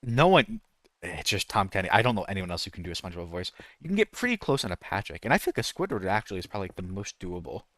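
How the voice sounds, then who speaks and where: Guy streaming minecraft-ish chat, lively up and down voice, kinda low, dry close sound. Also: rapid-fire, dry recording. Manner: rambling, self-interrupting, tries out voice impressions. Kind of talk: casual gaming stream chat.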